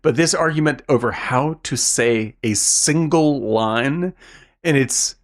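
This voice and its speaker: A man co-hosting a podcast, chatting excitedly about a film, laughing often and restarting his sentences. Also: medium pitch, slow. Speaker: podcast co-host. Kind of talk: casual movie chat.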